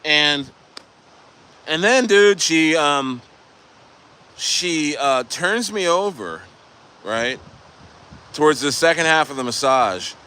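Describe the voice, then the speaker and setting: A man's voice: fairly high pitch, animated, slow pace, long pauses, bright, forceful tone, clear, resonant tone. A man casually telling a long story from a vacation condo, rambling and swearing with lots of restarts. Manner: rambling, profane, many restarts and "bro". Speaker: crypto vlogger.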